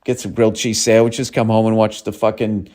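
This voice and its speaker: A man's voice: on the low side, level tone, brisk, a little mellow. A man hosting a comedy podcast, ranting in a profane, sardonic way and reading listener mail.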